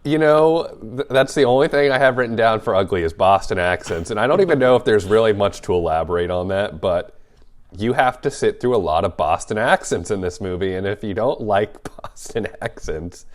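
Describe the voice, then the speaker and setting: A man co-hosting a casual podcast, relaxed and teasing. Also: fairly low pitch, a little fast. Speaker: podcast co-host. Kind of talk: casual chat.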